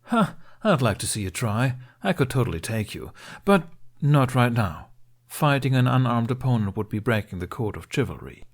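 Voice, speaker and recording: A man's voice: mid-range voice, sing-song, moderate pace, voice pushed up. A man voicing a boastful, cocky young Viking squire who mocks others. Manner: bragging, mocking.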